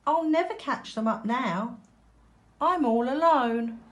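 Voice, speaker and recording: Pleading little duckling boy, high and plaintive, done by a woman reader. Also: huge pitch swings, takes it slowly, slight background noise, heavily acted. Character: clumsy, lonely young male duckling. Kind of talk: storybook reading aloud.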